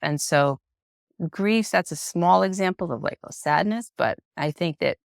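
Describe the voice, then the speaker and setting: Gravelly-voiced woman therapist, reflective. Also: on the low side, unhurried, no room sound, clean studio sound. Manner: reflective, expressive, acts out quoted voices; frank and personal. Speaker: psychotherapist guest. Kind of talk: unscripted podcast conversation.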